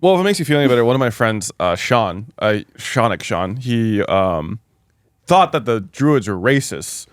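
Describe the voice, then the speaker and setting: Man, podcast host, casual chat, relaxed, swearing, dry sound. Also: fairly low pitch, moderate pace, no echo.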